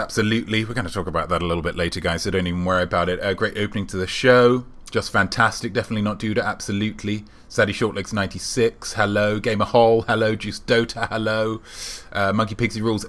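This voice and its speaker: A man hosting a live-stream show, chatting with viewers in a playful, mock-grand and deadpan way while reading out their names. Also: fairly low pitch. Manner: reads out viewer names in a running patter. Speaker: livestream host.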